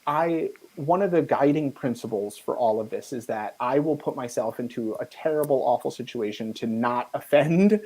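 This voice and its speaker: An American man with a husky voice, a podcast guest telling lively travel stories and acting out other people's lines. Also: mid-range voice, moderate pace, hardly any pauses, low-quality recording. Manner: animated storyteller who acts out other people's lines. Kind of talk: storytelling in a podcast interview.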